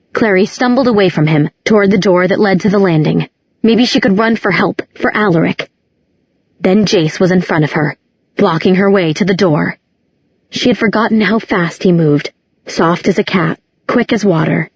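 A woman narrating a novel in a steady, measured reading. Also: lowish voice, slightly rough, dry recording. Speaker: audiobook narrator. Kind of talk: scripted narration. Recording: dull, muffled recording.

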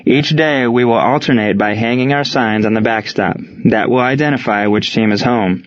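A man voicing a steady, plain-spoken army-era baseball coach. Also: mid-range voice, moderate pace, lightly acted. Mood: wry. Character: gruff, steady male wartime baseball coach. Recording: slightly dull lo-fi recording.

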